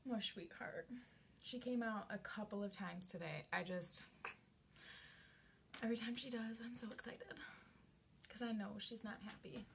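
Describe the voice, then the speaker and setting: A woman hosting a casual live makeup tutorial from home. She chats as she works and often slips into soft half-whispers. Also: medium pitch, unhurried, gravelly, pauses often, a little hiss or hum. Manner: chatty, drifts into soft half-whispers, coos at her cat. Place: indoors at home at a makeup mirror.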